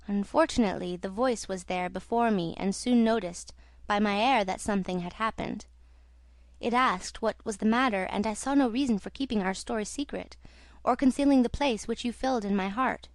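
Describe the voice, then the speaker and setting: A woman's voice: on the high side, dry recording, natural voice. A woman reading a young female opera singer, earnest and confiding. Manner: soft, confiding storytelling. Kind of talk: audiobook reading.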